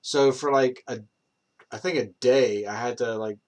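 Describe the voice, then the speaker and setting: Man, young, casual rambling anecdote, lots of ums and restarts, swears, middle pitch. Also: normal speed, darkish tone. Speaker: improv storyteller.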